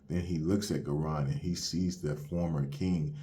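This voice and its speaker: A young man who reviews manga recaps a chapter in loose, slangy casual talk, moving through the plot step by step with phrases like "you have it where." His bass voice is warm, with fairly even intonation and a moderate pace.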